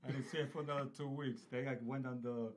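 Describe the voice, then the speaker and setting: A man's voice: mid-range voice, fairly even intonation, fast. Rambling storytelling man in his fifties. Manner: rambling anecdotal storyteller with many fillers. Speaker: podcast guest, stone restoration business owner. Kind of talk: casual podcast conversation.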